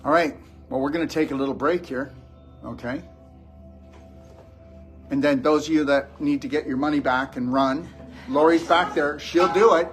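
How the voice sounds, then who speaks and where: A man's voice: on the high side, fairly even intonation, normal speed, long pauses, faint music behind. A man giving a blunt, scolding motivational lecture to a live audience as a wellness show host.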